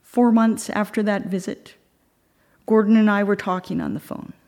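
A woman's mid-range voice, steady and fairly dark, carries a reflective sermon as she tells a story. Occasionally she slows and lowers her voice nearly to a whisper.

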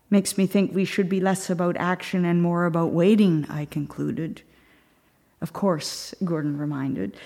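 Soft-spoken woman preaching slowly. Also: fairly low pitch, vocal fry. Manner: reflective, slows and drops to a near whisper at times. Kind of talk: sermon with storytelling.

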